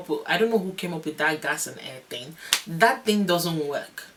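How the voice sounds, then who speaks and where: A young woman vlogger telling a long story in a casual, animated, rambling way, often laughing. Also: deep voice, moderate pace, noisy background. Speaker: vlogger, new mother.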